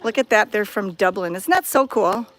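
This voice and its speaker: At an outdoor cat sanctuary, a woman talks into her handheld phone camera for a casual walking vlog, bubbly and full of enthusiasm. She speaks at a moderate pace with a medium pitch.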